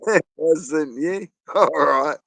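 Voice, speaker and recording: Slow gravelly man. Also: fairly high pitch, fairly bright tone, no echo. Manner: laughs often, crude banter. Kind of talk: casual live chat.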